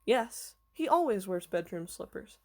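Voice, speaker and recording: A woman reading aloud voices a kindly, eccentric old male professor who explains things gently and patiently. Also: mid-range voice, big pitch swings, measured pace. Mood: warm, explaining.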